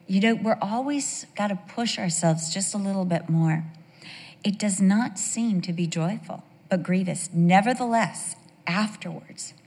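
A woman's voice: on the low side, darkish tone. A middle-aged woman giving a sermon full of personal stories, chatting and asking the audience questions. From United States. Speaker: women's devotional speaker. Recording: long reverb of a large hall.

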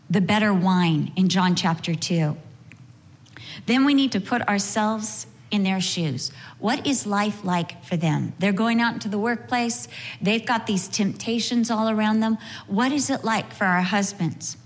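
A woman giving an earnest, storytelling talk on marriage, with touches of gentle humor, in sermon style. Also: medium pitch, big-room sound. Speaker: speaker at a marriage session. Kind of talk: sermon-style teaching with anecdotes.

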